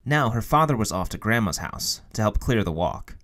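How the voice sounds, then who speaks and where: A man's voice: lowish voice, very animated, normal speed, fairly bright tone. A man reading a children's picture book aloud for a museum storytime, telling it expressively. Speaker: storytime reader.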